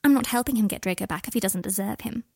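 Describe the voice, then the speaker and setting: A woman's voice: mid-range voice, fast, vocal fry, darkish tone, husky, dry recording. A prickly, scornful young woman answers in short, cutting lines, as a woman reads her. The voice sits close and dry. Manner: curt, sneering, clipped.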